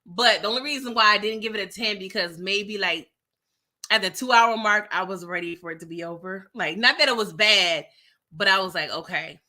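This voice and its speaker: A middle-aged woman, hosting a casual livestream chat and reading out viewer comments, animated and laughing often. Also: medium pitch, fairly quick.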